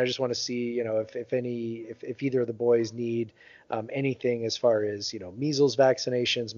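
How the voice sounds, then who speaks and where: A man's voice: medium pitch, darkish tone, no room sound. A man co-hosting a podcast tells a rambling family story full of fillers and acted-out quotes. His voice sits in a middle range and jumps up when he mimics others. The audio is dry and a bit dull, like a home podcast setup. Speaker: podcast co-host. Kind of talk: casual storytelling chat.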